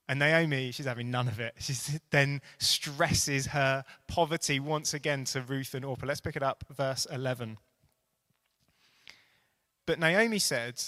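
A man preaching a sermon, retelling a story earnestly and building to animated emphasis. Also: mid-range voice, measured pace.

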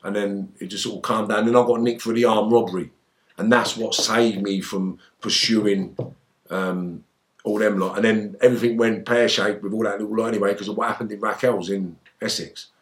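A man's voice: lowish voice, brisk. A man telling stories in a casual interview, swearing a lot and acting out his own outbursts. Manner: animated storyteller, shouting out quoted outbursts, heavy swearing. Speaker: interview guest, former gangster.

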